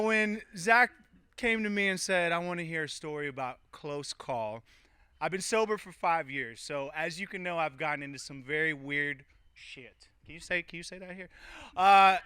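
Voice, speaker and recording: A man in his thirties tells a story live, playful and conversational, joking with the room. His voice is bright and forceful, slightly high, and very crisp. The sound is dry and close. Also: no echo.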